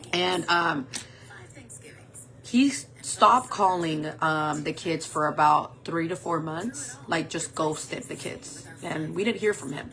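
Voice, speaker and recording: This forties-aged makeup vlogger speaks slowly in a low, fairly bright voice. Candid and meandering, she recounts something personal while leaning heavily on "like" and "um."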